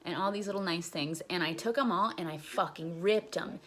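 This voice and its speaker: Here a young woman recounts her stint in jail in a lowish, slightly bright voice, moving fairly quickly. Her telling is loose and rambling, full of profanity and endless "like"s.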